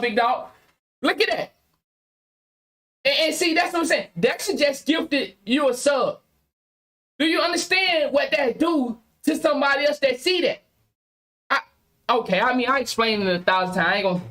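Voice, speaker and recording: A woman with a high-pitched, fairly bright voice hosts a casual podcast livestream. She speaks emphatically and somewhat preachily, repeating phrases and points to her viewers.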